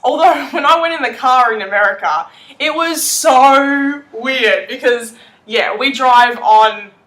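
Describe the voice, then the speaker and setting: A woman's voice: high voice, a little slow, a bit bright, roomy sound. A young woman with an Australian accent chatting playfully in a casual vlog, laughing often as she talks. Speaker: vlogger.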